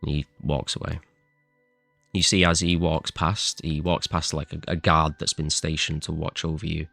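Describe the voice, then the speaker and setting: Deep, gravelly male game master. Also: level tone, sharp tone, dry recording, faint music behind. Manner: unhurried, with fillers. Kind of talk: narrating a tabletop game.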